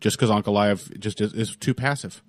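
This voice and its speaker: A man co-hosting a casual podcast chat, talking animatedly and hedging with quick restarts. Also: lowish voice, steady tone. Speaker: podcast co-host.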